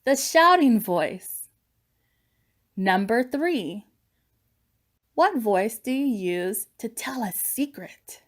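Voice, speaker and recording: Slow gentle woman narrator. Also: fairly high pitch, lively intonation. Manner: gentle, encouraging. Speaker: lesson narrator. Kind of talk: scripted narration for children.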